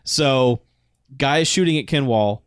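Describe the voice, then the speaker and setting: A man in casual chat recapping a film, laughing often and acting out lines in quick asides. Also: mid-range voice, smooth, dry recording, studio quality. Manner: laughing, acts out quotes.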